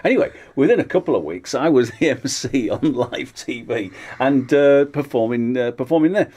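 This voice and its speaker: A man's voice: mid-range voice, lively intonation, normal speed, a little mellow, breathy edge. A man, a comedian guest on a radio show, telling wry anecdotes with plenty of fillers. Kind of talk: casual interview chat.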